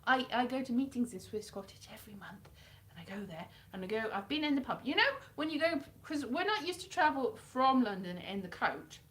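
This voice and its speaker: A woman's voice: fairly high pitch, lively intonation, fairly quick, fairly bright tone. A woman from South Wales, chatting casually and self-deprecatingly on a live stream.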